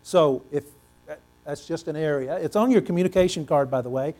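A male pastor preaching a sermon, animated and asking the congregation questions, swinging between loud and hushed delivery. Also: on the high side, brisk. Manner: repeats words for emphasis, asks the congregation questions.

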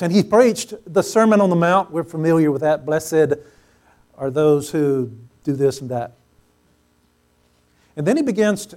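A pastor with a notably high voice delivers a sermon to his congregation. He leans on repetition, growing loud and emphatic on key phrases before dropping back down. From Pacific Northwest US. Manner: emphatic, repeats phrases for stress, swells loud on key words. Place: church sanctuary before a congregation.

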